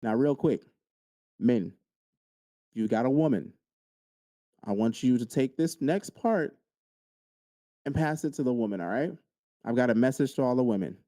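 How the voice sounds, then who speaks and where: A man's voice: medium pitch, lively intonation, moderate pace, pauses often, dark tone, no room sound. A man hosting a podcast, speaking straight to his listeners in an earnest motivational monologue and repeating key lines for emphasis. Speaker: podcast host.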